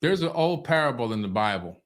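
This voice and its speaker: A man on a panel telling an old parable in a calm, measured way. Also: mid-range voice. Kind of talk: storytelling.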